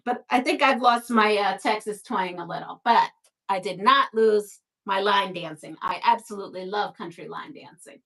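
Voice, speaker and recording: A woman's voice: medium pitch, moderate pace, fairly bright tone. A woman from Brooklyn hosting a casual live stream, chatting, reading viewer comments aloud and laughing often. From Brooklyn, New York.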